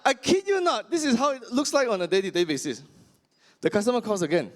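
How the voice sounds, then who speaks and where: A male stand-up comedian, punching through his set. His voice sits fairly high and swings widely in pitch as he exaggerates each joke. The delivery is loud and theatrical. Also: animated, fast.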